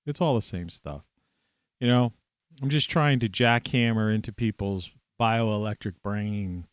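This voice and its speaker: A man hosting a solo talk show, hoarse today, rambling with many fillers and restarts. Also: fairly low pitch, no echo, clean studio sound. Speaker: podcast host. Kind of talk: solo monologue.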